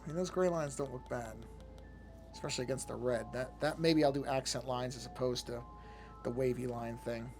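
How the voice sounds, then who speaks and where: A man's voice: medium pitch, steady tone, a little fast, a little mellow, soft background music. A man streaming his drawing session, thinking aloud in a casual, hesitant way, often trailing off and restarting his sentences. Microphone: desk microphone.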